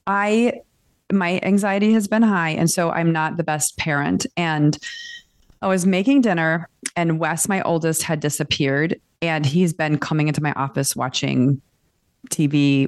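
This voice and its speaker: A woman's voice: sits low, dry recording. A woman co-hosting a casual book club podcast, telling candid personal stories. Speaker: podcast co-host.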